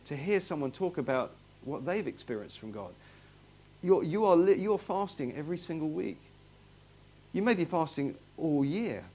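A man's voice: on the high side, darkish tone. A man preaching a sermon to his congregation, talking in a conversational way, asking them questions and often repeating himself. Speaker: pastor. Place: church hall, in front of a congregation.

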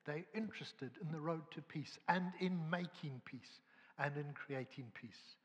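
A man preaching a sermon in an earnest way, swinging from loud emphasis to hushed tones. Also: a little high, husky. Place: church or hall at a prayer gathering. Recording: long reverb of a large hall.

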